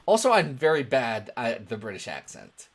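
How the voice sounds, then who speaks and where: A man's voice: medium pitch, moderate pace. A man co-hosting a comics podcast, telling jokey stories in casual chat. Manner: animated, joking, storytelling. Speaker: podcast co-host.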